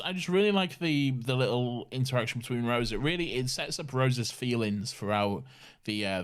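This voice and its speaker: Rambling man with a lively voice. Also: mid-range voice. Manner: rambling, restarts often, laughs a lot. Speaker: podcast co-host. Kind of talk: casual chat.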